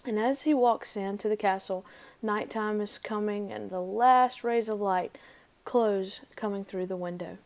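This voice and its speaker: A woman reading a fairy tale aloud, telling it in a lively, expressive way. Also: mid-range voice, measured pace. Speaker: storybook reader.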